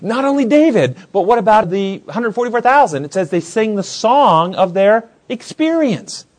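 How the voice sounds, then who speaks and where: A man's voice: high voice, normal speed. A man teaching a Bible study class, asking many questions and acting out the scenes he describes. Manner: questioning, animated, acts out scenes.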